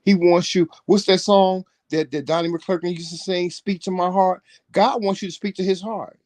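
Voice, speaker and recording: A man's voice: sits high, fairly even intonation, moderate pace, darkish tone, no echo. A man in casual chat, talking animatedly in a preachy way and swearing freely. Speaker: co-host.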